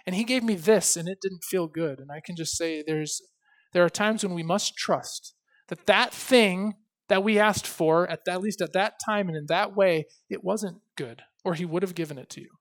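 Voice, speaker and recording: A pastor preaching a sermon, emphatic, slowing down to stress key phrases and swinging between loud and soft. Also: male voice, high voice. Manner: reads scripture aloud with expression.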